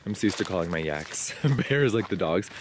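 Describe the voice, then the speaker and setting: Lively, chatty man vlogging outdoors. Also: low-pitched, fairly quick, noisy background. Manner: chatty and animated, frank with casual swearing. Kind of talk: casual vlog narration. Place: outdoors in a ranch pasture at dawn. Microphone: handheld camera mic.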